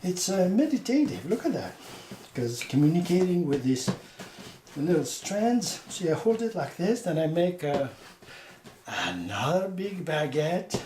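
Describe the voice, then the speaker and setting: Man, home baking teacher, slow and chatty, echoey kitchen with noise behind. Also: on the high side, very animated, warm tone. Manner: slow, chatty, full of fillers and "see that?". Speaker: home baker teaching bread making. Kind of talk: casual cooking demonstration.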